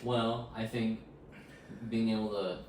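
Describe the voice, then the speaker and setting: Chill lowish-voiced dude chatting, cusses, says bro, super echoey room, far from the mic. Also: male voice, little pitch movement, slow, a little mellow, a little hiss or hum. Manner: laid-back, swearing, says dude and bro. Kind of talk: casual podcast chat.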